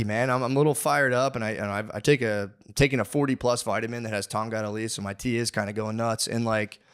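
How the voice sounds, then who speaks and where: A man hosting a comedy podcast, telling a long profane story as a rambling, mock-aggressive rant full of restarts and asides. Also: mid-range voice. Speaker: podcast host. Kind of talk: comedic ranting monologue.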